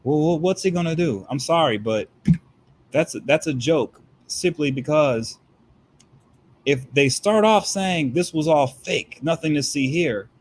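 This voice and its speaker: A man with a fairly high voice gives heated political commentary as a guest. He talks emphatically, piling up rhetorical questions to drive his point home. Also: lively intonation, a little slow, a little hiss or hum.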